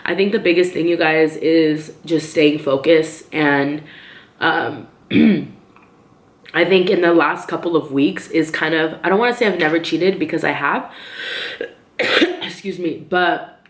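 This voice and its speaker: A woman's voice: sits low, measured pace. A woman talking casually and openly to camera in a personal vlog, chatty with frequent ums and likes. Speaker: vlogger. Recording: echoey room.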